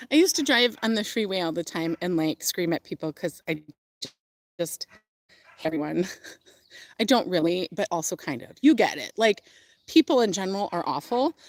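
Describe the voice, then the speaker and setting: A woman's voice: lowish voice, very animated, unhurried, pauses often, no room sound. A young woman livestreaming from outdoors on her farm, talking in a gushing, chatty way with fillers and laughs. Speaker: livestream host. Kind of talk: casual livestream tour.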